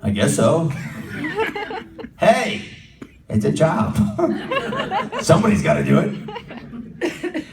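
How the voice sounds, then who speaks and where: A man's voice: on the high side, huge pitch swings, slow, vocal fry, long pauses, crowd noise. A middle-aged American man answering audience questions at a convention panel, chatty and jokey, laughing often. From United States. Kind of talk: live convention Q&A. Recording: echoey hall from far off.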